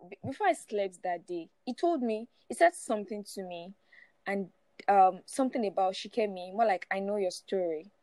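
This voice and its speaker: A woman's voice: medium pitch, expressive, moderate pace, warm tone, dry recording. A woman in her forties sharing her personal testimony as a guest, often laughing through it and repeating words as she goes. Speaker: guest speaker.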